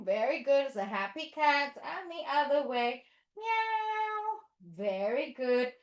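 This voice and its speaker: A woman's voice: fairly high pitch, reverberant, rough recording. A woman teaching yoga teachers, cueing poses with encouragement and playful animal sounds for children. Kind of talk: instructional yoga demonstration.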